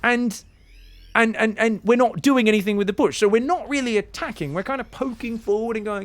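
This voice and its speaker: A man's voice: high voice, a little fast, fairly bright tone. A man casting a strategy game in casual, sarcastic commentary, rambling into profane jokes. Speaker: game caster.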